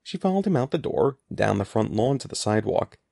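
A man narrating an audiobook in an expressive, animated reading voice, close to the mic. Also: lowish voice, a little fast, vocal fry, dry recording.

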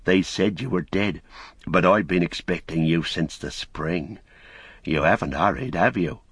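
A man's voice: low voice, measured pace, slightly rough, no room sound, clean studio sound, heavily acted. A man voicing a teasing, reproachful young hobbit woman in a storybook reading.

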